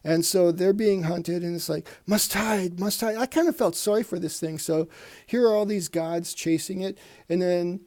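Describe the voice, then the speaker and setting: A man's voice: sits high, moderate pace, warm tone. A man hosting a casual comic book review show, rambling and reading panels aloud in put-on voices.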